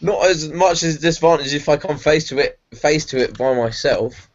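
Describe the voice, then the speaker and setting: A man's voice: fairly high pitch, moderate pace. A man playing in an online tabletop game, describing his character's actions with wry, self-mocking humour. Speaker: player. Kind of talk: casual tabletop play. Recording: dull lo-fi online call audio.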